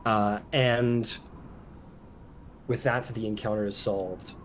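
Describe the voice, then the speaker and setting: A man's voice: fairly low pitch, steady tone, slow pace, slight background noise. Man narrating a tabletop game, casual and rambling. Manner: casual, rambling, many fillers. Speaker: game master.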